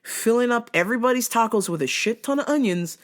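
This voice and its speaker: Lively, foul-mouthed woman ranting comically. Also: a little high, quick pace. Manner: animated, profane, slips into mimicked voices. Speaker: vlog host. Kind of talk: comedic storytelling rant.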